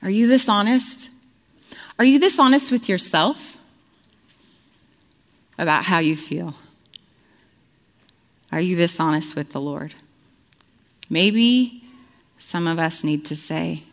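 A woman preaching with earnest, storytelling warmth and plenty of conversational fillers. Her voice sits a little low, and it carries a long reverb from a large hall. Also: animated, slow pace, pauses often. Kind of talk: conversational sermon.

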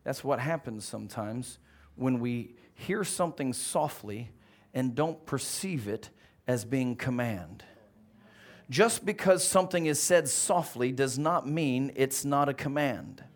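A male pastor preaching a sermon, telling a story with animated swings from quiet to loud. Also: mid-range voice, unhurried.

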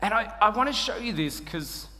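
High-voiced Australian preacher in a hall. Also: male voice, moderate pace. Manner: humorous, self-deprecating, animated storytelling. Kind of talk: sermon. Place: church hall. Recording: church hall reverb.

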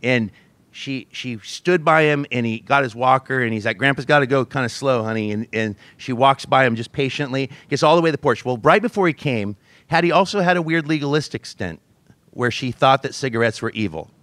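A man's voice: mid-range voice, expressive, brisk, a bit bright, no room sound. A pastor in his forties preaching a sermon, telling a family story with self-mocking laughs and acting out the voices he quotes.

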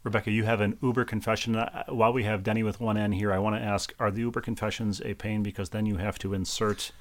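A man's voice: fairly low pitch, flat delivery, fast. A middle-aged man co-hosting a podcast, teasing his partners with dry wisecracks. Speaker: podcast co-host. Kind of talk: casual chat.

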